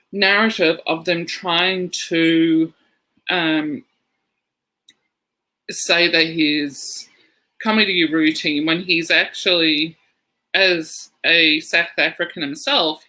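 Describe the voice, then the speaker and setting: Bright-voiced man telling stories. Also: fairly high pitch, poor audio. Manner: rambling storyteller, laughs through anecdotes. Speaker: podcast co-host. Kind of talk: casual chat.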